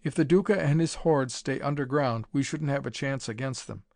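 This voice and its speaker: A man's voice: mid-range voice, normal speed, gravelly, darkish tone, no room sound, clean studio sound, close to an everyday voice. A man reading an audiobook, voicing a brave young woman of a lost tribe in a slightly raised, earnest voice.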